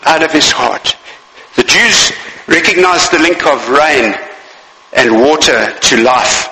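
A man preaching a sermon in a church, his voice bright and forceful and pitched slightly high. He repeats his key phrases and puts questions straight to the listeners. The sound carries a long, echoing reverb. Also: lively intonation, unhurried.

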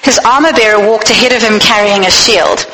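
Bright-voiced woman preaching in reverb. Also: a little high, brisk. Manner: earnest, questioning the listeners directly. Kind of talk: sermon. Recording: long reverb.

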